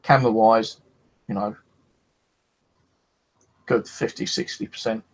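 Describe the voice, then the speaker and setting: Here a paranormal investigator speaks in a fairly low voice, a little slowly and with a flat delivery, over a rough recording. His casual stories of the paranormal meander, peppered with swearing and filler "you know"s.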